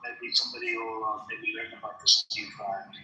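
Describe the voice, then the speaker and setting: A man's voice: on the low side, monotone, normal speed, pushed and bright, reverberant, slight background noise, low-quality recording. A man hosting a heated online debate, combative and insulting toward the people he argues with. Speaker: host.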